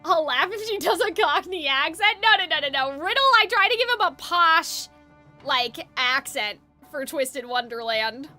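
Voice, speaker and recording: A woman's voice: high voice, lively intonation, normal speed, sharp tone. A young woman streaming a game, chatting in a rambling, casual way. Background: faint game music.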